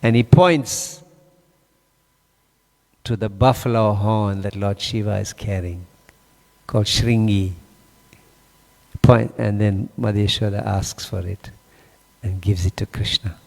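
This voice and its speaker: Speaking slowly with vocal fry and long pauses, a fairly low-pitched man teaches a scripture class, animatedly telling a story and putting questions to his audience. A long hall reverb surrounds his voice.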